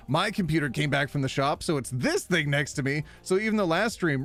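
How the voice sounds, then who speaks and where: A man live streaming, chatting casually with viewers, reading their messages aloud and laughing often. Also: medium pitch. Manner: animated, reads chat aloud and laughs a lot.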